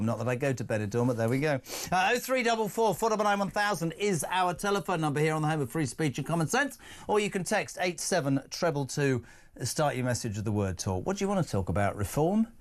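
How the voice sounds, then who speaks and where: Sixties male talk host, slightly high voice, emphatic and sarcastic, studio mic. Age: 60s. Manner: animated, incredulous, emphatic ranting with sarcastic asides. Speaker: radio talk show host. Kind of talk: live talk radio presenting. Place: broadcast studio.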